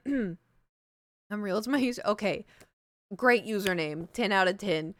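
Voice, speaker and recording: A woman's voice: medium pitch, expressive, slow, fairly bright tone, no echo. Young female streamer, rambly and self-mocking, chatty fillers, dead-dry studio mic. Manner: rambling, self-deprecating, laughs often, many fillers. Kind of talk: casual live-stream chat. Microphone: large studio microphone.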